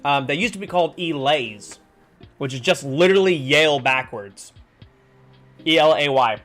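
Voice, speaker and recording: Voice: medium pitch, animated, moderate pace, fairly bright tone, soft background music. Streamer musing over word puzzles. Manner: muses over word clues, trails off with "I don't know". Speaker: livestreamer playing a puzzle game. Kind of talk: casual thinking aloud while solving puzzles.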